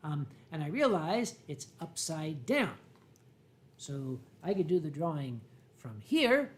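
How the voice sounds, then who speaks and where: A man with a Philadelphia accent hosting a casual livestream from home, reading viewer comments in a dry, wry way and often clearing his throat. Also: fairly high pitch, very animated, slow. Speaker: livestream host. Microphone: desk microphone.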